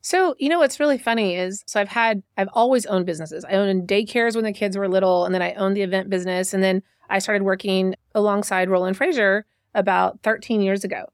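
A woman's voice: medium pitch, brisk, few pauses, no room sound, studio quality. A middle-aged woman, a podcast guest, chatting casually and telling stories with frequent restarts. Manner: chatty storyteller, many restarts. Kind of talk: casual conversation.

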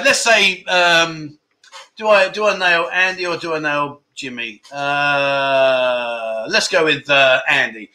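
A man hosting a livestream chat show, reading out viewer comments in a jokey, teasing way with animated outbursts. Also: high-pitched.

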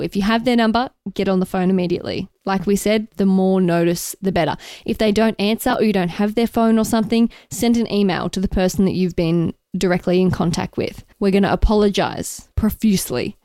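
A playful woman chats casually as a co-host, her voice at an everyday middle pitch. The sound is dry and close, with no room around it. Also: a little fast, hardly any pauses, clear, resonant tone, no echo. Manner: lively, playful, jokey. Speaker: podcast co-host. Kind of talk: casual chat. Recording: dry close-miked studio.

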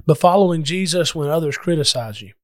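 Brief: man preaching, earnest and emphatic, a bit high-pitched, dry close sound. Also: expressive, brisk, dry recording. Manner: earnest, emphatic scripture reading. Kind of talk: Bible lesson sermon.

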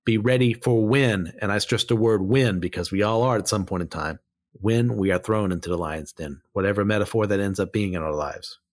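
A man's voice: low-pitched, brisk. A man giving casual Bible commentary, blunt and opinionated, who drifts off on tangents and pulls himself back. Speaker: Bible study teacher.

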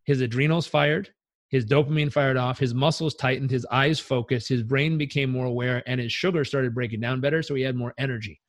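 A man coaching as a podcast guest, telling stories in an energetic, emphatic and casually profane way. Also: mid-range voice, fairly quick. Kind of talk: podcast interview storytelling.

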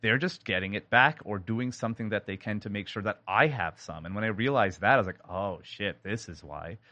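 Bright-voiced man telling stories. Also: on the low side, quick pace, no room sound, lo-fi sound. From India. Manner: animated storytelling with many likes and restarts. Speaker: sound designer and guest. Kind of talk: casual interview talk.

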